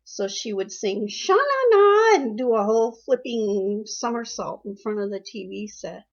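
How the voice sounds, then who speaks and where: A woman's voice: a little high, very animated, measured pace. An older woman being interviewed about her daughter, telling family stories in a fond way and repeating phrases. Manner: warm storytelling, emotional, repeats phrases. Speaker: interviewee, mother. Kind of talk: reminiscing interview. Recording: dull lo-fi recording.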